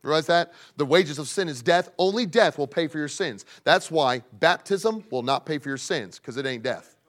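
A man preaching a sermon to young people, emphatic, swinging between loud pleading and hushed asides. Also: on the high side, lively intonation, normal speed. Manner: speaks directly to young people in the congregation.

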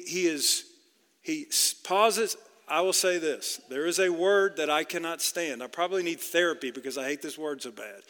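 A man's voice: on the high side, bright, forceful tone, long reverb tail. A male pastor preaching a sermon in an earnest way, with many restarts and repeated words.

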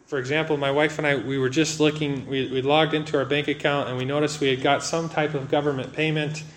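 A man's voice: on the high side, a bit bright. Brief: male pastor, thirties, conversational sermon delivery, light background hiss. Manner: earnest, conversational preaching with dramatic pauses.

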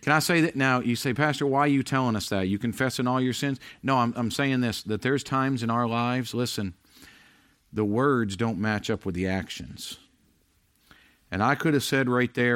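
A middle-aged man preaching a sermon as pastor, earnest and confessional, rising loud then dropping quiet. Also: mid-range voice, moderate pace, dry recording, studio quality.

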